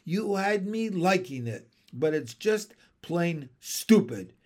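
A man's voice: high-pitched, very animated, takes it slowly, full character voice. A man voicing an exasperated female frog, fussing and scolding her mate. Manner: fussy, scolding complaints. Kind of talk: storybook read-aloud.

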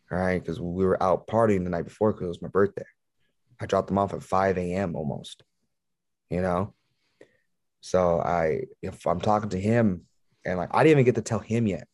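Brief: man, low voice, dry close sound, blunt cursing storyteller, halting. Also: darkish tone, no echo. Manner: profane, rambling, halting retelling. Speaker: guest. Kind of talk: casual storytelling.

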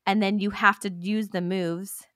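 A woman's voice: medium pitch, flat delivery, a little slow, fairly bright tone, no room sound, studio quality. A woman co-hosting a podcast, talking in an earnest, chatty way. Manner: earnest, chatty, many fillers. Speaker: podcast co-host. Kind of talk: casual chat.

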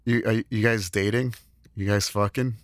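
A man co-hosting a podcast in casual chat, teasing with deadpan setups and stammered restarts. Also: on the low side, normal speed, no echo, studio quality. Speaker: podcast co-host.

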